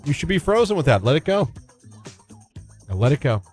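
A man's voice: a little high, very animated, fairly quick, a little mellow, soft background music. A man hosting a radio morning show, bantering in a casual, joking and emphatic way.

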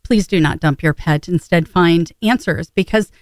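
A woman's voice: on the low side, no echo. A woman hosting a radio talk show, chatting casually and emphatically with a guest. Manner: chatty, emphatic, quick asides. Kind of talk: casual interview chat.

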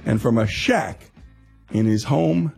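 A man's voice: mid-range voice, expressive, takes it slowly, gravelly, darkish tone, soft background music. A man hosting a radio show, introducing a story with an emphatic, swooping delivery.

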